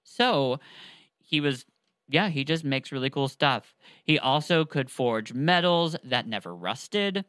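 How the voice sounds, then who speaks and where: A man retells a tale in a loose, rambling chat, full of fillers, and reads passages aloud. His voice is smooth and clear. The recording is dry and close. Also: mid-range voice, animated, takes it slowly, fairly bright tone, no room sound, low-quality recording. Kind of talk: casual storytelling chat.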